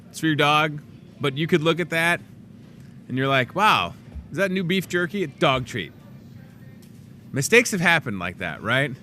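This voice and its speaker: A man hosting a casual in-store show, chatting loosely and joking as he runs through the week's deals. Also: slight background noise. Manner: chatty, joking asides, lively swings in pitch. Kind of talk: casual promo chat. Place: grocery store.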